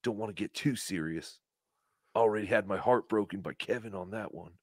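A man hosting a podcast, talking casually with an animated, sarcastic delivery. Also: lowish voice, fairly quick, dry recording, clean studio sound. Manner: animated, sarcastic, mocks with impressions. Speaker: podcast host. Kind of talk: mocking casual chat.

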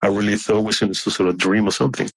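A man whose first language is not English tells his story in a husky voice with some fry. He speaks earnestly, often restarting and clearing his throat. The recording is dry and close. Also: fairly low pitch, flat delivery, racing, dry recording, poor audio. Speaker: guest telling an encounter story.

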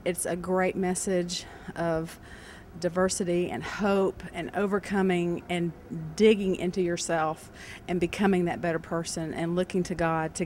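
A woman giving a sincere, earnest audience testimonial in a measured way. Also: fairly low pitch, darkish tone, a little hiss or hum. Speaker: audience member.

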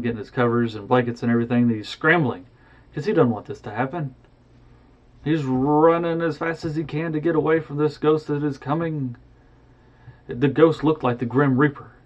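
A man's voice: mid-range voice, darkish tone. A man retelling a story casually and expressively, with sound effects, on a dull lo-fi recording.

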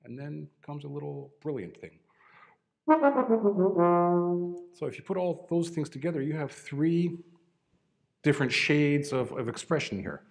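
A man's voice: fairly high pitch, vocal fry. A man teaching a trombone masterclass, coaching a student with short, encouraging cues and dry humor.

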